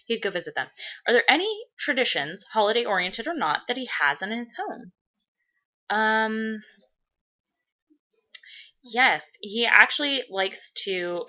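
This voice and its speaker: A woman vlogger chatting casually through viewer questions, rambling and profane with lots of fillers, sometimes breaking into loud excited gushing. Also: on the low side. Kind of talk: casual chat. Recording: dull lo-fi recording.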